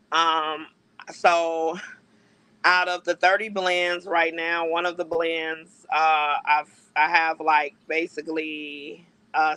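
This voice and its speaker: A woman's voice: lowish voice, bright, forceful tone, no room sound, poor audio. A woman guest on a podcast, a cigar brand owner, speaking frankly with many fillers and restarts. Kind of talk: casual podcast interview.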